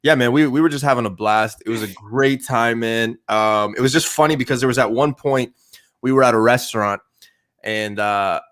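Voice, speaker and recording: A man's voice: medium pitch, normal speed, a bit bright. A man from Canada hosting a casual livestream chat, joking and loose with lots of fillers. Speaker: livestream host.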